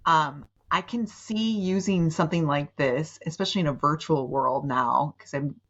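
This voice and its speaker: A woman's voice: low-pitched, moderate pace, fairly bright tone, highs cut off. A woman hosting a podcast, chatting casually with a guest, with loose phrasing and plenty of fillers. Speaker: podcast host and coach. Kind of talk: casual conversation.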